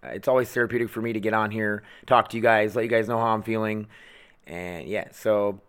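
A man's voice: on the low side, steady tone, brisk, fairly bright tone, smooth. Profane man ranting on his podcast. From United States. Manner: profane, blunt, goes off on rants. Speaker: podcast host. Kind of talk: angry ranting monologue. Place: at home.

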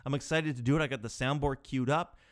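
Medium in pitch and steady in tone, this man talks fast as he hosts his own podcast alone. He's in his thirties, speaks into a podcast microphone, and rambles in a self-mocking way while his exasperation grows.

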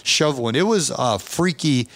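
Chatty male host, animated storyteller. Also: mid-range voice, normal speed, dry recording, studio quality. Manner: animated storyteller, does voices in anecdotes. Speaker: podcast host. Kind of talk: casual interview chat.

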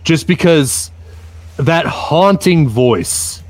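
A man co-hosting a casual talk show, animated and halting as he talks. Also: a little high, no echo. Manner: animated, halting, restarts a lot. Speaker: co-host. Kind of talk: casual chat.

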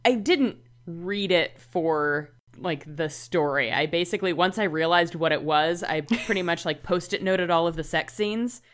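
A woman's voice: lowish voice, normal speed, few pauses, soft background music. A woman chatting casually about books, rambling with lots of fillers.

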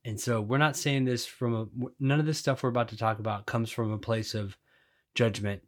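A man's voice: medium pitch, fairly even intonation, brisk. A man co-hosting a podcast, chatting casually and joking with his wife. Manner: joking, conversational. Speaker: podcast co-host. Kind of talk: casual chat.

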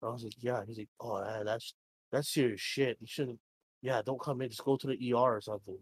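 A young man chatting casually on a podcast at a middle pitch, recorded close and dry. He rambles through a story, swears freely and slips into quick impressions of the people he quotes. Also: fairly even intonation, breathy edge, no echo. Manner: rambling, swears freely, acts out both sides of dialogue. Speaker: podcast co-host.

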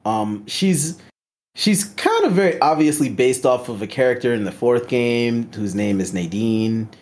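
Casting: enthusiastic fan voice, swinging pitch, rambling asides in a casual review. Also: lively intonation, a little slow, a little mellow. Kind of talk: casual chat, movie review.

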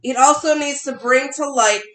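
A woman's voice: high voice, moderate pace, a bit bright, poor audio. A woman co-hosting a casual podcast, reading odd news stories aloud in a dry, matter-of-fact way. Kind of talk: casual chat.

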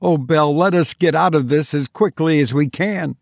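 A shaken young gentleman, frightened and pleading, his voice pushed noticeably higher, as a man reading a storybook puts him on. He talks in a breathless, anxious rush, and the recording is dry and close with no room sound. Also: normal speed, vocal fry, dry recording.

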